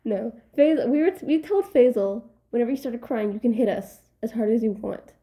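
High-voiced giggly young woman. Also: lively intonation, fairly quick, mellow. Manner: giggly, trailing off mid-sentence. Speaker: podcast co-host. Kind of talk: casual chat about a movie.

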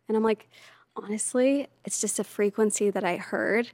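A woman guest on a podcast, telling stories casually and lively, often slipping into quoted voices. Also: mid-range voice, moderate pace, no echo. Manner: animated, lively storyteller who slips into quoted voices. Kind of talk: casual storytelling in conversation.

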